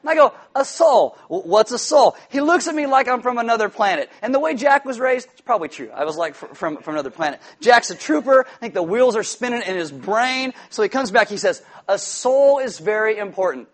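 A man preaching a sermon, telling a childhood story with lively quoted voices and asides. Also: sits high, a little fast, hardly any pauses. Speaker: pastor.

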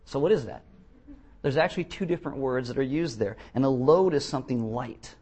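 A man's voice: mid-range voice, a little fast, a little mellow, breathy edge. A man preaching a sermon as pastor of a church, telling blunt stories with jokes. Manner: blunt, joking storyteller. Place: church, before a congregation.

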